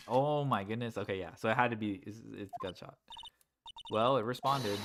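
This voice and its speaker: A man's voice: fairly low pitch, fairly quick, a bit bright, a little hiss or hum. A man casually reading and commenting through a game, chatty and self-aware. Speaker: game player reading dialogue aloud. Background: game music.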